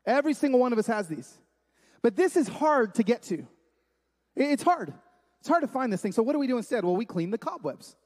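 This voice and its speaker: A man's voice: extremely high pitch, sing-song, a little fast. A man giving an emphatic, story-driven sermon-style talk to a live audience in a large room, repeating his key lines for weight. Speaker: speaker at a men's gathering. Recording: long hall reverb.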